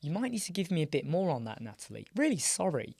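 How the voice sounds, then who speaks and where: A British man hosting a casual live chat show, his voice a little croaky and weak, answering viewers by name. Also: a little high, sing-song, fast, a little mellow, no room sound, clean studio sound. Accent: British English. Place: small dark soundproofed room.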